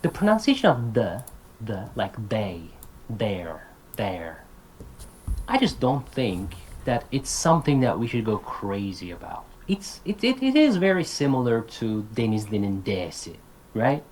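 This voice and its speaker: A man's voice: mid-range voice, sing-song, normal speed, a little mellow, slight background noise, rough recording. A man giving an online talk to language teachers. He is casual and direct, repeats his points, and says example words aloud as drills. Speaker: lecturer.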